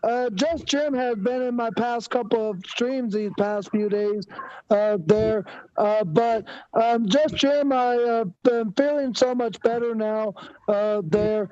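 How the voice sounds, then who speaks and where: A man guesting on a casual livestream, talking haltingly with lots of filler sounds. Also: extremely high pitch, dark tone, no echo, dull audio. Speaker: fellow streamer guest.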